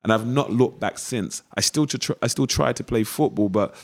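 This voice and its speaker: An actor from East London, speaking with a local East London accent in a mid-range voice at a moderate pace, tells stories as an interview guest. He is an animated storyteller who acts out old conversations.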